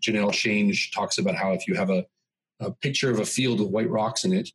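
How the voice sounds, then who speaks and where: A man's voice: lowish voice, fairly even intonation, a little fast, a bit bright, husky, poor audio. A man talking as a podcast guest, telling long stories full of examples. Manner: expansive storyteller, dense with examples. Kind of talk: conversational podcast interview.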